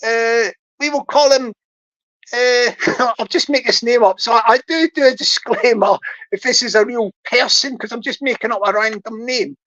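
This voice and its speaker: A woman's voice: on the high side, steady tone, moderate pace, fairly bright tone, highs cut off. A woman giving joking livestream commentary, rambling, repeating herself and laughing often. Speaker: livestream host.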